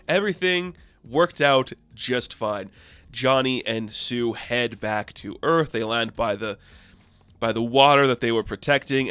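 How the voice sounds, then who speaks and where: A man casually recapping a comic book issue, chatty and excitable, with lots of fillers and laughs. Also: mid-range voice, no echo.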